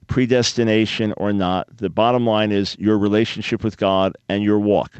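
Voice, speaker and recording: A man's voice: fairly low pitch, little pitch movement, normal speed, clear, resonant tone, no echo. Dry-voiced male radio call-in host. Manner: earnest, probing questions with frequent restarts.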